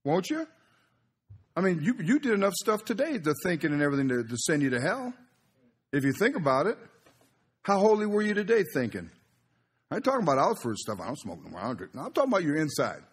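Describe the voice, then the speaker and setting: A man's voice: high voice, big pitch swings, fast, pauses often, slightly rough. A male pastor, preaching a sermon in a folksy, conversational way.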